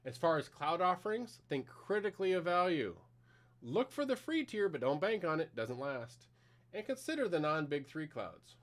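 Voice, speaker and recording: A man's voice: fairly high pitch, big pitch swings, normal speed, fairly bright tone. A middle-aged man giving a conversational technical conference talk with a live demo, explaining plainly with some fillers. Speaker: conference presenter.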